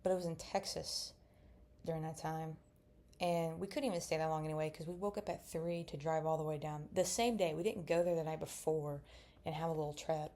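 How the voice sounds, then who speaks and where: A woman's voice: deep voice, steady tone, a little fast, mellow. A young woman in casual chat while drawing, rambling and mumbling to herself as she works. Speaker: vlogger.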